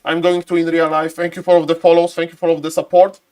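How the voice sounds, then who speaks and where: Commentating a strategy game live on stream, this man speaks very fast in a clear, resonant tone. He's chatty and excitable, calls out viewers by name, and now and then erupts into high-pitched shouts.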